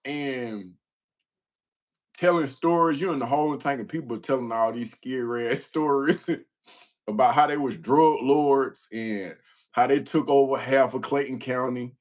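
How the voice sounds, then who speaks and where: A man's voice: mid-range voice, normal speed. A man hosting a casual livestream, telling stories with a self-mocking, slangy manner and laughing often. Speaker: livestream host. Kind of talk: casual livestream chat reading comments.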